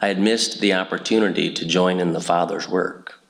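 A man's voice: low-pitched, fairly even intonation, normal speed, vocal fry, rough recording. A middle-aged man from Indiana giving a personal testimony talk at church, telling stories earnestly with frequent fillers and restarts. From Indiana, USA.

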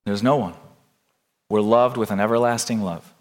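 A man preaching a sermon in a slow, deliberate way, building to impassioned, near-shouted passages. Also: lowish voice, in a large hall. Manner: slow, deliberate delivery with long pauses. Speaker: pastor.

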